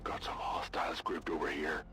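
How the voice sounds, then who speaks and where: An actor voicing a terse male soldier in a tactical video game, with a gravelly voice. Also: a bass voice, completely flat delivery, normal speed, noisy background.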